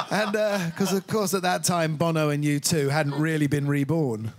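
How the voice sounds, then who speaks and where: A man's voice: fairly high pitch, measured pace. A man in his sixties, a guest musician reminiscing in an interview and telling wry anecdotes.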